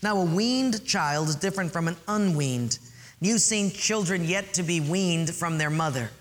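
A man's voice: a little high, moderate pace. A man preaching a sermon earnestly, asking listeners to underline and write things in their notes. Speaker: pastor.

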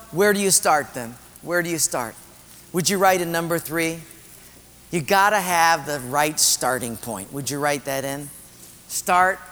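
High-voiced pastor in a reverberant church. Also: male voice, fairly bright tone. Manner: emphatic, repeats phrases, addresses the congregation. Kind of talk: sermon.

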